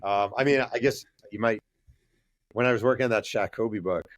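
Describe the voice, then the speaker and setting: A male author, a guest on a podcast, telling stories in a casual, lively way and acting out the dialogue. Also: lowish voice, moderate pace. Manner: lively storyteller who acts out dialogue and uses many fillers. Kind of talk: casual interview storytelling.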